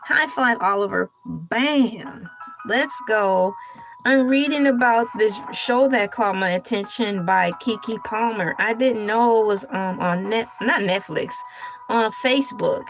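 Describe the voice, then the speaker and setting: Unhurried woman hosting a chatty livestream. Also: mid-range voice, soft background music. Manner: chatty, laughs often, reads from the chat. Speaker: livestream host. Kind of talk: casual livestream chat.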